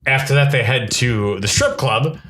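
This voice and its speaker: A man co-hosting a podcast, casually recapping a film's plot and acting out the characters' lines in quick little voices. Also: mid-range voice, fairly bright tone, a little hiss or hum. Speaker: podcast co-host. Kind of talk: casual movie recap chat.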